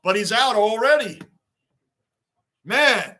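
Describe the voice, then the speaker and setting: A man's voice: high voice, animated, slow pace, pushed and bright. A man hosting a casual sports livestream, chatting loosely, greeting viewers by name and repeating his points. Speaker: livestream host reading fan chat.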